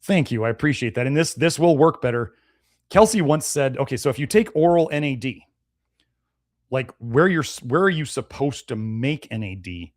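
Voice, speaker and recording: Man, live-stream host, blunt and chatty, mid-pitched voice, dry close sound. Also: moderate pace, no room sound. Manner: blunt, conversational, animated. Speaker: nutrition show host. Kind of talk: live-stream talk answering viewer comments.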